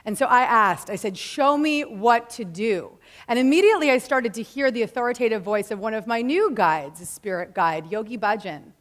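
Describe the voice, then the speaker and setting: A woman's voice: a little high, lively intonation, brisk, few pauses. Earnest woman giving an inspirational talk. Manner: earnest, preachy, casual slang mixed with spiritual phrasing. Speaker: motivational speaker. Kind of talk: inspirational talk to a live audience.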